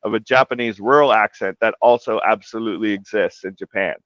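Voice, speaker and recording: A male guest with a lowish, fairly bright voice talks a little fast about translating a comic, rambling with plenty of "like" and "you know." It's a casual interview captured in dull, lo-fi, dry audio.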